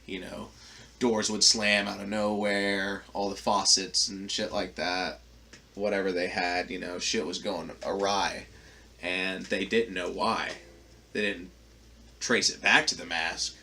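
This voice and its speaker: A man's voice: sits low, level tone, measured pace, sharp tone, slight background noise. A man hosting a podcast, telling a long story in a casual, profane, rambling way with lots of fillers. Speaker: podcast host.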